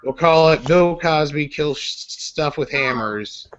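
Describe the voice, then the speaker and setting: A podcast host leads a casual online group chat, rambling and joking with lots of fillers. His voice is a little high and his pace measured, and the recording sounds slightly muffled with a faint hiss.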